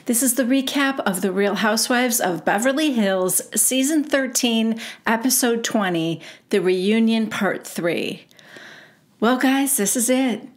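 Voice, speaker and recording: A woman's voice: fairly high pitch, a little slow. A woman hosting her own recap show, chatting casually and retelling reality TV gossip by quoting the cast in her own voice.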